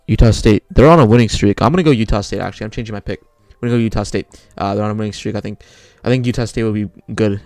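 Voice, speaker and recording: Fast, gravelly young man rambling picks. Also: lowish voice, darkish tone, no room sound. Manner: rambling, self-correcting, restarts often. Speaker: sports video creator. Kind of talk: casual bracket picks talk.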